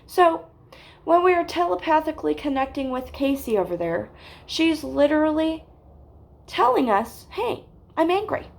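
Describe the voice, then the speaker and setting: A woman giving a deadpan parody of a spiritual lecture, stretching out her phrases and tagging them with "okay?". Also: high-pitched, moderate pace, creaky. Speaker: mock spiritual teacher.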